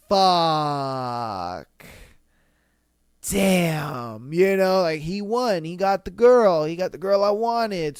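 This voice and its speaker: A man hosting a podcast and casually recapping a drama, animated and cursing freely, acting out the dialogue as he goes. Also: sits high, clean tone, dry recording, clean studio sound. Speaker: podcast host.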